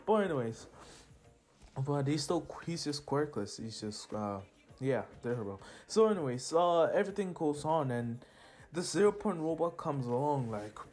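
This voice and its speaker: A man's voice: on the high side, lively intonation, normal speed, a little mellow, slight background noise. A teenage boy narrating a fan-made superhero story in a casual, rambling way with laughing asides and slang.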